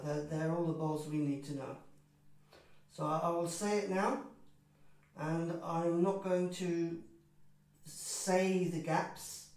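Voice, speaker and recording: Man, tabla teacher, patient explaining, slightly high voice, very roomy sound. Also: darkish tone. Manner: slow, patient explaining, chanting drum syllables. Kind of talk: spoken music lesson. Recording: echoey room, mic far off.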